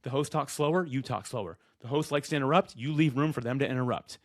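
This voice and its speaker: Speaking directly to the camera with a mid-range voice, a man gives energetic advice on being a good podcast guest. He's loud and rapid-fire, breaking into quick impressions of the guests and hosts he quotes. The audio is close and dry, with no room sound at all.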